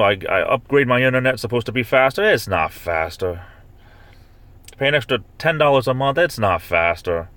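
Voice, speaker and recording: This low-pitched live streamer has a fairly bright tone as he reads chat and talks casually with his audience. He's chatty and rambling, repeating fillers and restarting sentences, then bursting into playful, high-pitched mock outrage when he rants.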